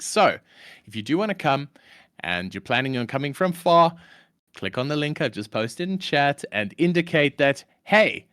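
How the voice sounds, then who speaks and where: A man hosts a live stream with an enthusiastic, self-mocking manner. His pitch swings widely as he talks, and the sound is close and dry, with no room echo. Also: fairly bright tone. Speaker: stream host.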